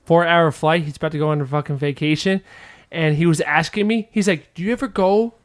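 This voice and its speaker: Man, high voice, podcast guest, casual profane storytelling, laughs while talking. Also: brisk. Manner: profane, laughs through his stories.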